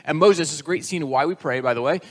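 A man preaching a sermon, retelling scripture as a lively story and acting out the quoted voices. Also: fairly high pitch, racing. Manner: storytelling, acts out quoted voices with rising energy. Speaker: pastor.

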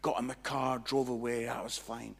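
Gravelly pastor telling a story. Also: male voice, mid-range voice, moderate pace. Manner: animated, acts out both sides of dialogue. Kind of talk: sermon storytelling.

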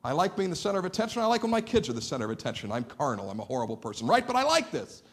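A middle-aged man preaching a sermon in a church sanctuary, a lively and playful storyteller who acts out the dialogue in his anecdotes. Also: on the high side, racing. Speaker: pastor.

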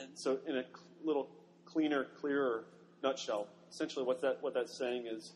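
A man's voice: mid-range voice, steady tone, moderate pace. A male pastor preaching a sermon, dramatizing a story as he tells it. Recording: long hall reverb, faint noise.

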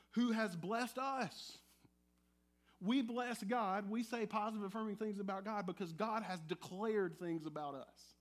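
A male pastor delivering a sermon in a church, animated and conversational, with playful asides to the congregation. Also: high voice. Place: church sanctuary.

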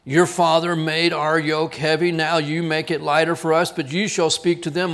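A man from South Texas, preaching a sermon as a pastor, with an earnest delivery that drops to quiet emphasis on key words. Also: a little high, little pitch movement, moderate pace, few pauses.

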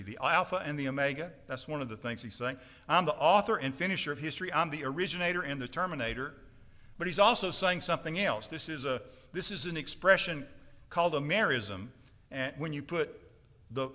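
A man preaching a sermon as pastor in a church, emphatic and building to loud declarations. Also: mid-range voice, big-room sound. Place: church sanctuary.

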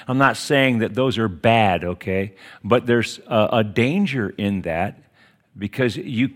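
A middle-aged man, a pastor giving a conversational sermon, folksy and storytelling, often tagging his points with "see?". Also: mid-range voice. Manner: folksy, with frequent tag questions like "see?"; teaching in a chatty, storytelling way.

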